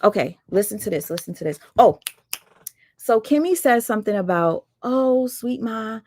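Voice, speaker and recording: A woman's voice: medium pitch, sing-song, normal speed, a little mellow, a little hiss or hum. A woman hosting her livestream, calling someone out in a blunt, sarcastic, fired-up casual rant. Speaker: livestream host.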